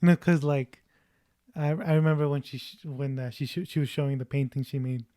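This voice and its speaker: A podcast co-host chatting casually about a film, relaxed and agreeable. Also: medium pitch, brisk. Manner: relaxed, agreeable, laughs often. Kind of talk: casual chat.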